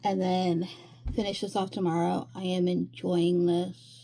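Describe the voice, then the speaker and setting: A woman's voice: on the low side, level tone, a little slow, creaky, mellow. A woman giving casual reading updates in a vlog from home, easygoing and rambling with lots of fillers. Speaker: reading vlogger.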